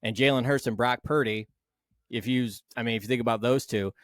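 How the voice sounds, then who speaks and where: A man in the middle of a casual sports podcast debate, pushing his points with animated energy and the odd curse. His voice sits at an ordinary pitch. The sound is dry and close, with no room around it. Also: fairly quick, no room sound. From Philadelphia Eagles fan. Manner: animated, argumentative, swears casually. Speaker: podcast co-host.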